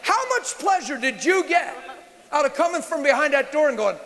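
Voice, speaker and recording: Male preacher, high-pitched and bright, animated, occasionally shouts, live in a reverberant church hall. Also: moderate pace, a faint crowd. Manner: animated, shouts and mimics screams. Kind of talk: sermon Q&A. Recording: reverberant hall with faint hiss.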